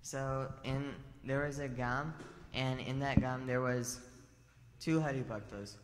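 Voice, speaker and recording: A man's voice: medium pitch, fairly even intonation, takes it slowly, slight background noise. A man telling a spiritual story to a temple assembly in a casual way, full of fillers and restarts. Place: large temple assembly hall. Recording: long reverb hall.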